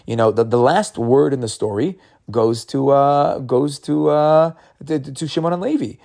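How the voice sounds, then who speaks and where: A man with a gravelly, dark and mellow voice gives an informal Torah talk. He speaks in a loose, conversational way, often repeating words as he restarts a thought. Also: mid-range voice, moderate pace. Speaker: Torah teacher. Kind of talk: casual weekly Torah talk.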